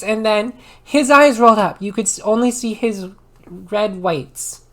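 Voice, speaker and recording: Woman reader in an ASMR maid role-play, theatrical, mid-range voice, prone to sudden loud bursts. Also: mid-range voice, a little slow. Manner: animated dramatic reading with sudden loud outbursts.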